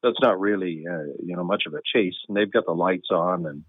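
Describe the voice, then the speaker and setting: A man telling a long anecdote in a relaxed, wry way with chuckles and deadpan humor. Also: low voice, fairly quick, dry recording. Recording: tinny phone-like line, dry.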